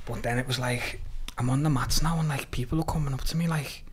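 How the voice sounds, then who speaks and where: A man's voice: medium pitch, fast talker. Scouse man telling a story. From Liverpool, England. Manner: lively retelling with quoted dialogue and frequent swearing. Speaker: podcast guest. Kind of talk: casual storytelling interview.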